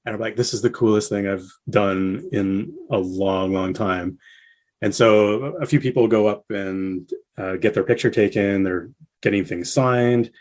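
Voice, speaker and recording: A man guest on a casual podcast, telling a story with animated bursts when he quotes people. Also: unhurried. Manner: animated storyteller, acts out quotes with rising pitch.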